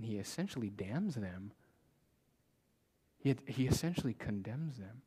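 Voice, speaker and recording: A man preaching a sermon with passion, repeating phrases for emphasis and swinging between loud declarations and hushed whispers. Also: on the low side, normal speed, husky. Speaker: pastor.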